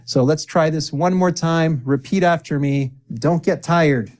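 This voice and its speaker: A man teaching an English lesson, upbeat and encouraging, saying example phrases slowly and clearly for learners to repeat. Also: a little high, a little mellow.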